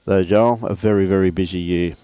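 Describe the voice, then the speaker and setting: A man's voice: deep voice, fairly even intonation, a little fast, dark tone, clear, resonant tone, dry recording. A middle-aged man with an Australian accent, commentating a lawn bowls livestream in a chatty, matey way and greeting viewers by name. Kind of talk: relaxed live commentary with viewer shout-outs.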